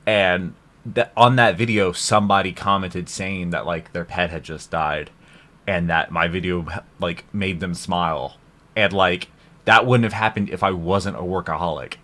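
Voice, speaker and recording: A man's voice: low-pitched, normal speed, fairly bright tone. A man hosting a reaction video, talking casually and rambling in a heartfelt way with lots of "like".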